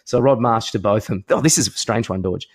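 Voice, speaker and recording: A man's voice: lowish voice, a little fast. An Australian man co-hosting a podcast, rambling casually with many fillers and restarts and acting out quoted lines. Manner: acts out quoted lines in a raised voice. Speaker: podcast co-host. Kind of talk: casual chat.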